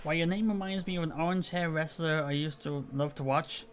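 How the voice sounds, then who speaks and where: A weary man from Northern Ireland talks briskly on a late-night live stream, his voice pitched on the high side with a little hiss or hum in the recording. He wanders from topic to topic, laughing often at his own expense.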